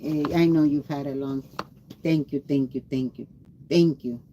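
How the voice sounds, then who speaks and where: A woman's voice: deep voice, steady tone, moderate pace, dark tone, a little hiss or hum. A tired woman livestreamer chatting casually and rambling, greeting her viewers by name. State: tired after a long day.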